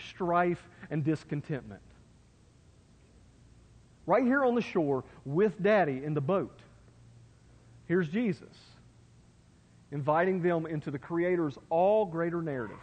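High-voiced preacher in a reverberant hall. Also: male voice, darkish tone, dull audio. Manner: folksy, conversational preaching with asides to listeners. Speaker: pastor. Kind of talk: sermon. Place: church sanctuary.

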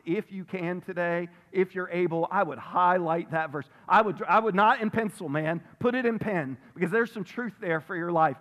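A man's voice: sits high, moderate pace, hardly any pauses, a bit bright. A man preaching a sermon as pastor, emphatic, repeating phrases for stress and reading scripture aloud. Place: church sanctuary. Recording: long reverb of a large hall.

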